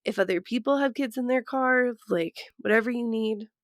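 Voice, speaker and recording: A woman's voice: on the high side, normal speed, no echo, clean studio sound. A woman in her thirties from Colorado, a podcast co-host, talking frankly and profanely in casual chat and laughing often.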